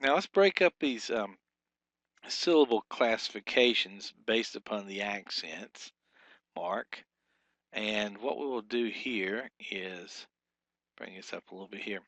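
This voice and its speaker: Man teaching a patient, unhurried lesson. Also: on the low side, lively intonation, a bit bright, no echo. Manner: patient and explanatory, with fillers and drawn-out example sounds. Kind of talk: recorded language lesson.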